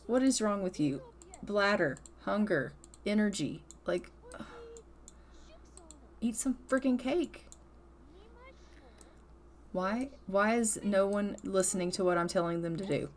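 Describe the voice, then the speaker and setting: With a medium-pitched voice and slight background noise, a gaming channel host plays through a casual let's-play. She scolds her characters in exasperation and acts out their thoughts in quotes.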